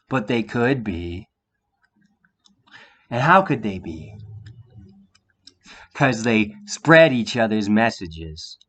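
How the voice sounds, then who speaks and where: Male vlogger, mid-pitched, confrontational and profane, talks straight to the viewer with rhetorical questions. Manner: drops into a quiet calm voice at times. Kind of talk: heated monologue to the viewer.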